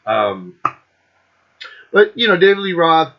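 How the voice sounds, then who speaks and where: A man's voice: a little high, big pitch swings, slow pace, muffled recording. A middle-aged man hosting his own show, telling a rambling concert story with lots of swearing and laughter. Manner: profane, laughing, loose and rambling. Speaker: host.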